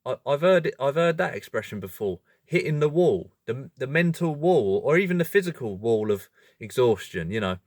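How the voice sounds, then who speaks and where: A man hosting a video, explaining in a casual monologue, animated and self-correcting, often breaking into laughter. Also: medium pitch, normal speed, few pauses, no room sound, studio quality. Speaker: video host.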